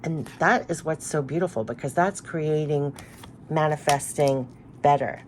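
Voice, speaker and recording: A woman's voice: low-pitched, a little slow, a little mellow, a little hiss or hum. A woman giving a spiritual tarot card reading, talking in an earnest, emotional, rambling way with many restarts.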